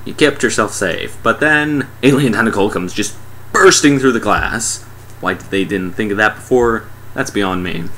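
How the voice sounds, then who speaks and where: A man's voice: lowish voice, bright, forceful tone, low-quality recording. A man giving a casual, comedic movie recap in a sarcastic, mock-exasperated way. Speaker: movie reviewer.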